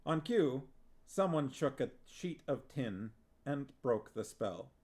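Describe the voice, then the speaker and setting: A man reading a novel aloud on a stream in a measured, deliberate way, occasionally reading out and answering viewer comments. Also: mid-range voice, expressive, darkish tone.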